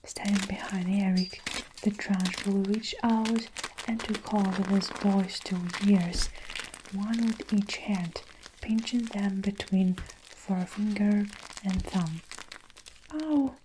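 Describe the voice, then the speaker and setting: A woman narrating a children's story in a whispered role-play as an ASMR storyteller, slow and hushed. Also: medium pitch, fairly even intonation, noisy background.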